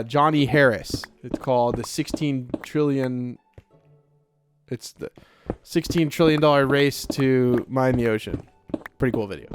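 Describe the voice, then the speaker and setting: A man giving casual, rambling commentary as he plays a video game, talking to himself with lots of filler words. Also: mid-range voice. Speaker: Let's Play creator.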